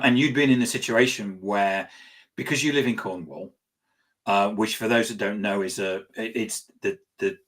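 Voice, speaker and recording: A man hosting an interview, introducing his guest in a halting way with repeated words and restarts. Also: on the low side, fairly bright tone. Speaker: host. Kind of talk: casual interview chat.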